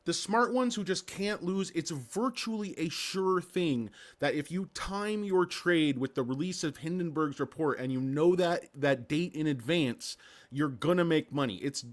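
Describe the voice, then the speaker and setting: A man hosting a casual stock market livestream, rambling and sarcastic, with crude jokes and lots of fillers. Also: a little high.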